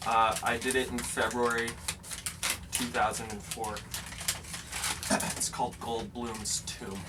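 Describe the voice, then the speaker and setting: A man speaks slowly in a deadpan comedic interview, earnest and halting, doubling up his words as he goes. His voice sits at an ordinary middle pitch. He sounds distant from the microphone, with clear ambient noise steady behind him. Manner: halting, earnest, stammering repeats. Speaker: interviewee in a mock documentary.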